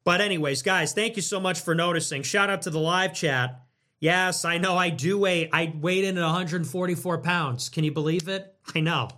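A young man hosting a livestream, riffing casually in a mocking, animated way with lots of rapid repetition. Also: fairly high pitch. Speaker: livestream host.

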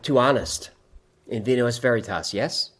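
A man's voice: medium pitch, normal speed, fairly bright tone, a little hiss or hum. A man hosts a loose, chatty livestream and reads viewer comments aloud. He goes off on wry, rambling asides and often breaks into laughter at his own jokes. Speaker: livestream host reading chat. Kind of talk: casual livestream chat.

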